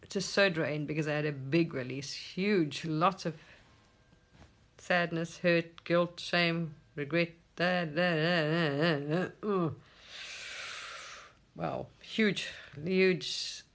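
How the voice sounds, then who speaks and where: A spiritual teacher talking casually to camera at home, animated, swearing and laughing often. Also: mid-range voice.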